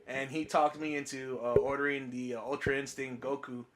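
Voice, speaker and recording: A man's voice: medium pitch, level tone, moderate pace, noisy background. A man on a casual podcast telling a story about leaving work early, swearing and laughing as he quotes himself. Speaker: podcast co-host.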